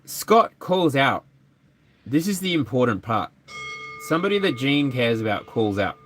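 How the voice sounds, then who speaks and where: A man's voice: medium pitch, big pitch swings, unhurried, a bit bright, slight background noise. A man giving a live tarot energy reading, chatty and playful. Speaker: tarot reader.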